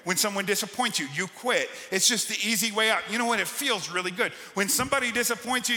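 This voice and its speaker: A man's voice: sits high, fast, few pauses, pushed and bright. A male pastor preaching a sermon, telling personal stories in a conversational, emphatic way. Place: church sanctuary. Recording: church hall with long reverb.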